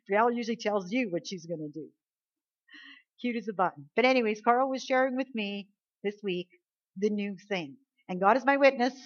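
A middle-aged woman preaches with emphasis. She swings from quiet asides to loud, commanding lines. The recording sounds dull and lo-fi. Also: fairly low pitch, breathy edge. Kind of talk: sermon.

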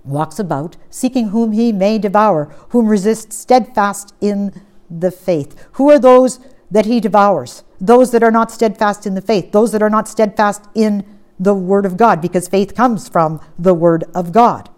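A woman preaching a sermon, reading scripture aloud and pressing points with strong stress that drops to quiet, steady lines. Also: medium pitch, a little slow. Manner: emphatic, swings from loud stress to quiet.

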